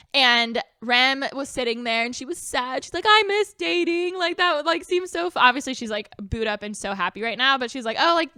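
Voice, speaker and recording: A woman's voice: fairly high pitch, pushed and bright, no echo, studio quality. A young woman in her twenties co-hosting a podcast, telling a story in bubbly casual chat full of fillers. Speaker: podcast co-host.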